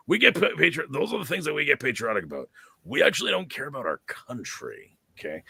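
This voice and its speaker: A man hosts a casual, opinionated chat with an emphatic, animated delivery and a bright, forceful tone. His voice is gravelly and a bit raspy, and the recording is dry and close. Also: medium pitch, moderate pace, dry recording. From Canada. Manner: animated, emphatic, repeats words. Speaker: host.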